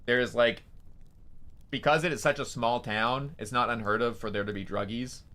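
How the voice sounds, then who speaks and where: Bright-voiced young man rambling a story. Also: medium pitch, steady tone, moderate pace. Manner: rambling, many fillers and swearing. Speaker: streamer. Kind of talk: casual storytelling.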